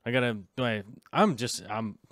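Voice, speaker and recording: With lively intonation and a moderate pace, a man speaks in a mid-range, slightly bright voice, with no room sound. This aquarium hobby vlogger chats casually while browsing links, scatterbrained and rambling as he stops himself to look things up.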